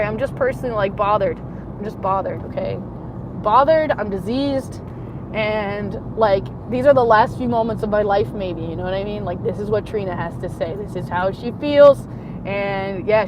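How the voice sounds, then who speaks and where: A woman livestreaming from her car, ranting passionately, swinging between shouting and muttering. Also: medium pitch, normal speed. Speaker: livestreaming vlogger. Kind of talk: rambling livestream rant while driving. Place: in a car in city traffic. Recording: noisy car interior. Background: road and traffic noise.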